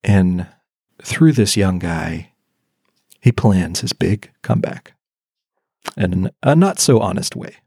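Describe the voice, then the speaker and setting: A low-voiced man co-hosts a podcast and chats casually. His pitch swings widely and he laughs a lot. The room is very dry. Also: slow pace, gravelly, long pauses, slightly rough, no echo. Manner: animated, laughs often. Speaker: podcast co-host. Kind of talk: casual chat.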